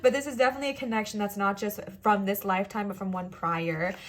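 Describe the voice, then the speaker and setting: A woman's voice: medium pitch, steady tone, quick pace. A young woman giving a pick-a-card tarot reading in a chatty, playful, reassuring way, sometimes acting out little quoted voices. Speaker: tarot reader.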